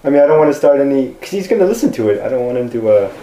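A man's voice: medium pitch, big pitch swings, rapid-fire, dark tone. A man co-hosting a podcast, teasing his partner and laughing as he asks questions. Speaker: podcast co-host. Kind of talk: casual podcast banter. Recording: roomy studio.

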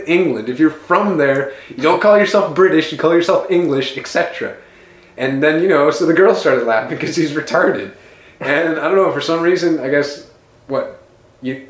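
Teasing podcast co-host, a man who mocks his friend's story, is recorded in a room with some echo. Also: a little high. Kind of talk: casual comedic banter. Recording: roomy with faint noise.

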